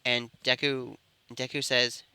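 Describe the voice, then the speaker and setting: A man's voice: mid-range voice, level tone, slow, pushed and bright, clean tone, dry recording. A man improvising a fan-fiction story, rambling and often correcting himself. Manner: rambling, with frequent self-corrections. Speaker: storyteller and channel host.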